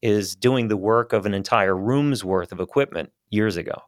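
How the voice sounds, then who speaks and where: A man who works as a voice actor, chatting in a relaxed, rambling way as an interview guest on a studio microphone. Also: fairly low pitch, moderate pace, dry recording. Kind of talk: casual interview chat. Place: small studio.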